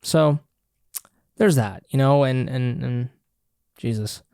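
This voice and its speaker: A man's voice: mid-range voice, takes it slowly, creaky, dark tone, clear, resonant tone, no room sound, clean studio sound. A man hosting a casual solo podcast, rambling and swearing freely as he corrects himself mid-sentence. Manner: rambling, profane, self-correcting. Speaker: podcast host.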